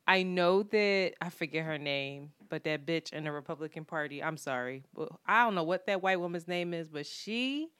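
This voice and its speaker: A woman's voice: low voice, moderate pace, hardly any pauses, clear, resonant tone, dry recording. Blunt, profane woman podcast co-host. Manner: blunt, profane, animated storytelling with quoted voices. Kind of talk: casual chat.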